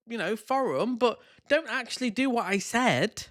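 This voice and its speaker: A man's voice: extremely high pitch, animated, normal speed, few pauses, a bit bright. A man doing scornful, exasperated reaction commentary, swearing freely.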